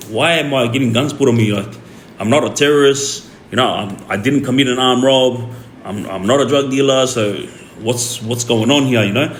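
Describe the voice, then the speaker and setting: Older man, casual storytelling, animated, acts out shouting, echoey room, faint background noise. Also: medium pitch. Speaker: streamer.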